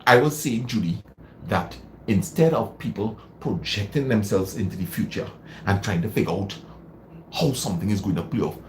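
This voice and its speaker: A man's voice: fairly low pitch, normal speed, a little mellow, slight background noise. A man hosting a live stream, giving casual motivational advice, repeating phrases for emphasis and answering viewer comments. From Trinidad and Tobago.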